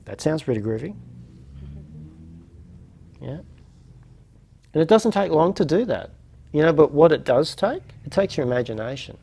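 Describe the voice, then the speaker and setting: A man's voice: on the high side, expressive, moderate pace, creaky, long pauses, a little mellow, slightly rough. A man hosting a reflective lecture series, musing aloud with many fillers and restarts. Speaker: host of a non-duality lecture series.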